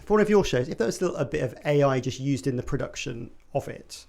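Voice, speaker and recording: A man's voice: medium pitch, expressive, fast, gravelly, a little mellow. A man hosting a media podcast and running a quiz, chatting casually with hesitant restarts. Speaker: podcast host and quiz master.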